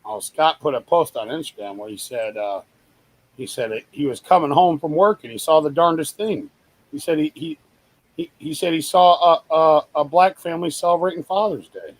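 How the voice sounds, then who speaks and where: Lively high-voiced man teasing friends. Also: normal speed, no echo, low-quality recording. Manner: teasing and laughing. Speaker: guest on a live stream. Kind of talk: casual chat.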